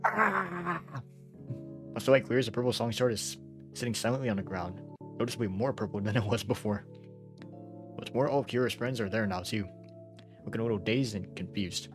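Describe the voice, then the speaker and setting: A man's voice: fairly low pitch, a little fast, over music. A young man reading a visual novel aloud as a let's-player, laughing often between plain narration.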